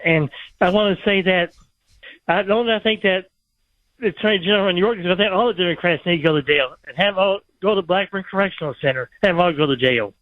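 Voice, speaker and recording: Fast-talking Kentucky man on a phone line. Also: sits high, no room sound. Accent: Kentucky Southern. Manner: fast, hard to follow, repetitive. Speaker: caller. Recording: phone-line call-in audio.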